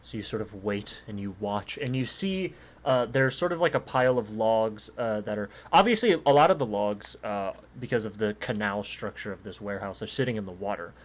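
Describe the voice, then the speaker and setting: Lowish-voiced man running a tabletop game. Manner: rambling with many fillers. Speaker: game master.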